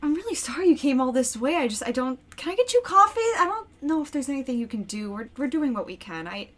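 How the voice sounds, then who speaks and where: A woman's voice: lively intonation, a bit bright. A woman playing a fluttery, tired little mother. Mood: flustered. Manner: high, hurried and flustered. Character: short sweet tired mother, anxious and fluttery.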